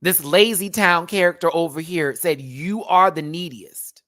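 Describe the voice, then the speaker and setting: A man's voice: a little high, unhurried, bright, forceful tone. A man hosting a live stream, giving casual, sassy, campy commentary on a reality competition show and talking straight to his viewers.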